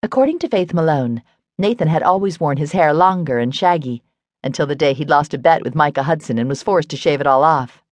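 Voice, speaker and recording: A woman audiobook narrator giving a steady, measured reading of a romance novel. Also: sits low, no echo.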